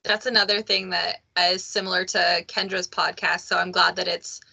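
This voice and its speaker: A woman's voice: fairly low pitch, flat delivery, moderate pace, gravelly, bright, forceful tone, slightly rough. A woman hosting a podcast, chatting frankly and joking, swearing casually. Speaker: podcast host. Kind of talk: casual conversation.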